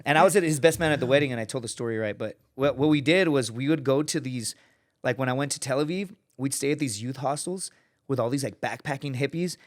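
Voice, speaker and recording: A man in his thirties tells a long, loose story as a podcast guest. He swears freely, and his voice sits at an ordinary middle pitch. He slips into little voices for the people in his tale. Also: quick pace. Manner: profane, lively anecdote-telling, acts out quoted people. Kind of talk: casual storytelling.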